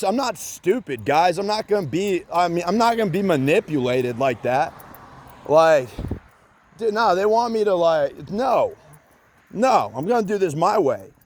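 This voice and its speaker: A man's voice: high voice, darkish tone, no room sound. A man in a rambling solo rant, agitated and profane, repeating himself with many fillers and bits of sarcasm.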